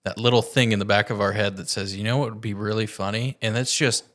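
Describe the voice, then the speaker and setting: A man's voice: on the low side, steady tone, fast talker, a bit bright. A man co-hosting a casual company podcast, speaking in an easygoing, reflective way with loose restarts.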